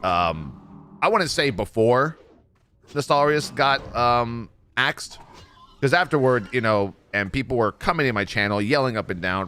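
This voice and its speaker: A man streamer casually recounting a gaming event, animated and jokey, acting out what others said. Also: medium pitch, normal speed. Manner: animated, jokey storytelling with mimicked quotes. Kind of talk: casual gameplay commentary.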